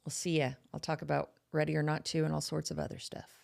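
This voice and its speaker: A woman's voice: sits low, level tone, quick pace, gravelly, a little mellow. A woman with a Texas accent hosting a horror podcast in casual, playful live chat that teases her audience. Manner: chatty and playful, teasing the audience.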